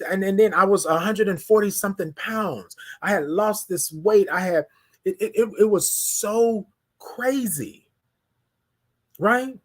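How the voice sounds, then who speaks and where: A man with a notably high voice hosts a morning live stream. He talks with heartfelt, preacher-like emotion, often asking "right?" as he reads comments from viewers. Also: measured pace. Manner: emotional, preacher-like cadence with many "right?" asides. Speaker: host of a morning live show.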